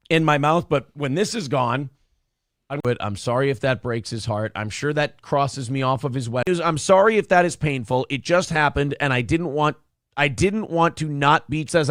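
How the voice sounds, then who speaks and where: A man's voice: fairly high pitch, fairly bright tone, no echo, studio quality. A man hosting a casual live talk show, rambling with apologetic asides.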